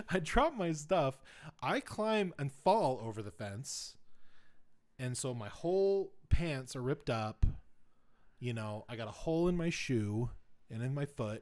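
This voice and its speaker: A man's voice: medium pitch, unhurried. A man hosting a podcast, telling a long casual story full of fillers and restarts. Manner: rambling, filler-heavy, grows louder and excited retelling events. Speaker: podcast host.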